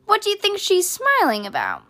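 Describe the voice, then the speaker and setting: A woman voicing a lively, curious young male pig in a storybook reading, bouncy and excited. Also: very high-pitched, moderate pace, pitched above the performer's own voice, heavily acted.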